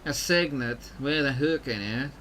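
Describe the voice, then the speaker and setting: A man's voice: mid-range voice, unhurried, a bit bright, a little hiss or hum, natural voice. A man voicing a confident woman pirate captain with a put-on Southern belle accent, reading game dialogue aloud with determination. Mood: determined.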